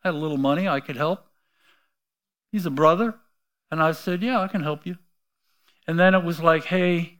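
Preaching at normal speed with long pauses, a middle-aged pastor whose voice runs on the high side shares a personal story. He acts out the quoted voices, moving between soft asides and loud outbursts.

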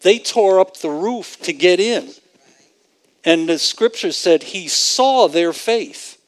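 In poor audio, a man with a voice that sits high preaches slowly and in an animated way. His sermon earnestly explains scripture with strong emphasis, and he performs its quotes vividly as he retells them.

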